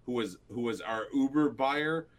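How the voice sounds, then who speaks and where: A man in casual chat, loud and profane, cracking jokes. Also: mid-range voice, normal speed. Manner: loud, profane, jokey interjections.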